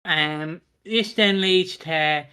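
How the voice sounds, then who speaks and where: A man's voice: fairly high pitch, very slow, sharp tone, clean tone. Guy hosting a chat podcast, rambly and sweary, keeps giggling. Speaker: podcast host. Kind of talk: casual chat recapping a soap.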